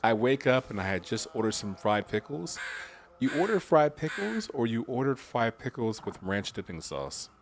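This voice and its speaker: A man's voice: medium pitch, sing-song, moderate pace, noisy background. A man casually commenting while streaming a video game, joking and laughing often. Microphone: desk mic with webcam.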